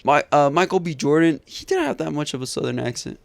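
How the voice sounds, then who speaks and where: A man's voice: on the high side, animated, fast talker, gravelly, no room sound. Young male co-host, casual, explains details, dry close-mic sound. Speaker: podcast co-host. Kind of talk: casual podcast chat.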